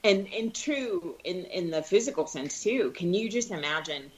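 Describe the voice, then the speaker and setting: A woman with a notably low voice talks through a faith story on a podcast. She is earnest and heartfelt, circling back and restarting her phrases as she retells the scene. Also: expressive, normal speed, highs cut off. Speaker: podcast co-host. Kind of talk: casual discussion on faith.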